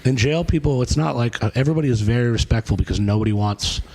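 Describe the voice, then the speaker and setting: A man's voice: mid-range voice, fast talker, rough recording. A man, a podcast guest who tells a long story casually, swearing freely and acting out what people said. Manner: animated, profane storytelling with acted-out quotes. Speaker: podcast guest, hardcore singer.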